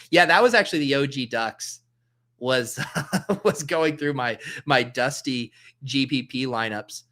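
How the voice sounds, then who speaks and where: A man talks casually on a livestream, thinking out loud and tossing in jokes as he goes. His voice is bright and forward, at an ordinary middle pitch. He keeps up an easygoing, rambling chat with his viewers. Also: a little slow. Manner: thinks aloud, reads chat comments, loose and joking. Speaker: livestream host drafting fantasy football.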